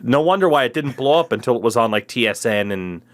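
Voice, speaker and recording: A man's voice: mid-range voice, animated, fast talker. A man hosting a podcast in casual, rambling chat with a sardonic edge. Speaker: podcast host.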